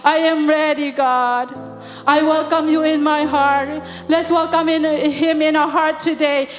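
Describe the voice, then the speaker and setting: High-voiced woman leading fervent prayer. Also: level tone, unhurried. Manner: repeats God after each phrase, swells into singing. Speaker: prayer leader. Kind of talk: fervent spoken prayer in a church service. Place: church hall. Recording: long hall reverb with soft music behind.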